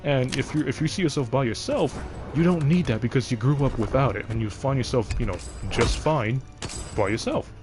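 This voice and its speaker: A young man with a deep voice, chatting casually on a game livestream and rambling from thought to thought with frequent restarts. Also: a little fast, music in the background. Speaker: game streamer.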